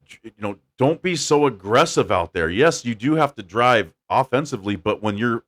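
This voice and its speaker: A man hosting a casual podcast, telling stories with lively acted-out quotes and blunt opinions. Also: lowish voice. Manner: animated storyteller, acts out quotes. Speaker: podcast host. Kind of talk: casual chat.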